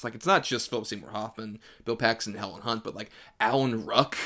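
A man's voice: lowish voice, steady tone, a little fast, few pauses, fairly bright tone. A man co-hosting a podcast, talking casually about a movie in a rambling way full of "like" fillers. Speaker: podcast co-host. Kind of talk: casual film chat.

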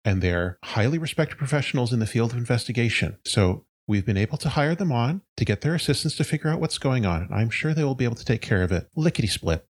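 A man's voice: medium pitch, animated, quick pace, hardly any pauses, voice pushed up, lightly acted. A man voicing a furry, big-eyed female mayor with a folksy, overly reassuring way of talking.

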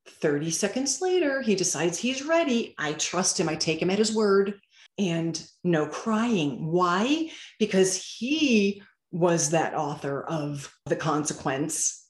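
A woman's voice: lowish voice, takes it slowly. A woman guest telling parenting stories in casual interview talk, acting out bits of dialogue as she goes. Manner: animated storyteller who acts out dialogue. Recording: roomy echo.

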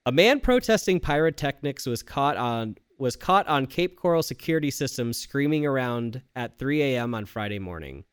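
A woman co-host tells a silly news story to friends. Her pitch swings freely, and her smooth voice sounds close and dry. She laughs easily and hams up the quotes. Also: expressive, normal speed, few pauses, no echo. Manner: laughing, shouting quoted lines for comic effect. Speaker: podcast co-host. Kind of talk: casual chat, reading news stories aloud.

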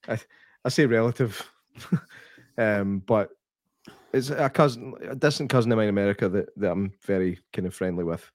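A man's voice: on the low side, moderate pace, no room sound, clean studio sound. A Scottish man co-hosting a casual podcast, chatty and easygoing, swearing now and then. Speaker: podcast co-host.

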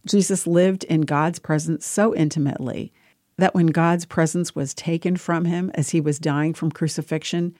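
A woman hosting a short devotional program, reading a scripted reflection in a calm, measured way. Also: deep voice, no echo. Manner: calm, measured reading over soft music. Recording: dry studio voice-over with faint music.

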